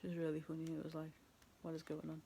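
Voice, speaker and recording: A woman chats her way through a tarot reading, rambling and laughing at herself. Her low voice is gravelly with fry and stays fairly flat in pitch, and a faint hiss sits under the recording. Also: very fast. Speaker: tarot reader. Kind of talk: casual tarot reading to camera.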